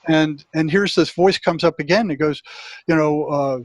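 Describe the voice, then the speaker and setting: With no room sound behind him, a retired therapist in his later years talks at a moderate pace in a voice on the high side with fairly even intonation. As an interview guest, he tells a lengthy personal tale in a meandering way, performing his inner voices aloud.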